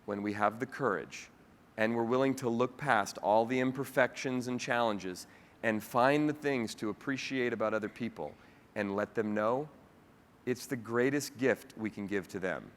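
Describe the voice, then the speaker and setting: A man's voice: mid-range voice, normal speed. A man giving a keynote speech, telling a personal story with feeling and acting out the voices of the people in it. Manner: lively storyteller who acts out quoted dialogue. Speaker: keynote speaker. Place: large hall with a live audience. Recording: long hall reverb.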